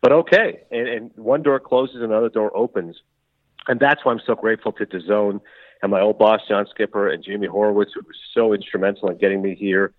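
A middle-aged man from Canada, a sports broadcaster chatting as a guest in an interview, who talks quickly and acts out the dialogue he quotes. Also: lowish voice, steady tone, dry recording. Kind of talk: casual interview chat. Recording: tinny phone-like line.

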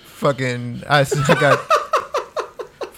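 A man's voice: medium pitch, huge pitch swings, extremely slow, heavy background noise. A man in his thirties co-hosting a podcast, talking in a laid-back way and swearing casually. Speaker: podcast co-host. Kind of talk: casual chat.

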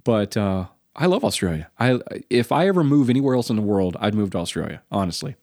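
Podcast co-host, male, American, fast and lively storyteller, dry close sound. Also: lowish voice, no room sound. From United States. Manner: animated storyteller, acts out quotes. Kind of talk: casual podcast chat.

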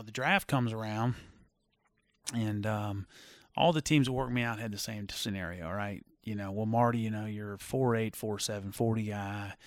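A middle-aged former football player telling stories in a casual chat, animated and full of fillers. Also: male voice, fairly low pitch, dry recording. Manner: animated storyteller with many fillers. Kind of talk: casual storytelling.

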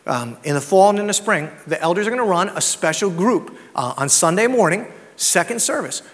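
A man's voice: high voice, animated, a little fast. A man preaching a sermon as pastor, mixing scripture with personal stories and rhetorical questions. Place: church sanctuary. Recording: long hall reverb.

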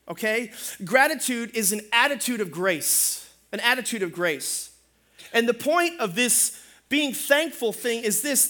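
High bright-voiced guy pastor, funny and lively sermon, asks for amens. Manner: animated, humorous, calls for amens.

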